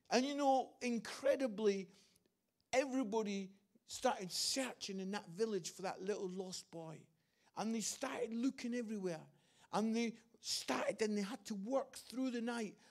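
English male preacher, high gravelly voice, earnest storytelling sermon with repeated phrases. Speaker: guest preacher.

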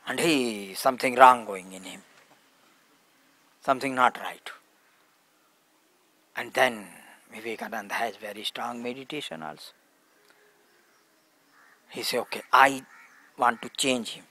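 Guy teaching at a satsang, slow simple english, says things over and over, middle pitch. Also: sharp tone. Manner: slow, simple broken English with many repetitions. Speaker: spiritual teacher. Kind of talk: satsang storytelling.

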